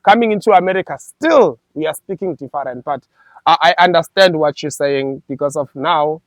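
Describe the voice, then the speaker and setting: A man's voice: fairly high pitch, moderate pace, no room sound. A man from South Africa with a South African accent, hosting a casual chat in an agreeable, chatty way. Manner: chatty, agreeable, frequent backchannels.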